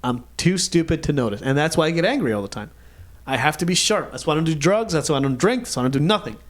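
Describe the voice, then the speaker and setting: A man on a casual podcast tells a story at a rapid clip. His pitch swings widely as he acts out the other people in it. He swears freely and keeps the chat loose. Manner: animated, acts out quotes, swears a lot. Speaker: podcast co-host.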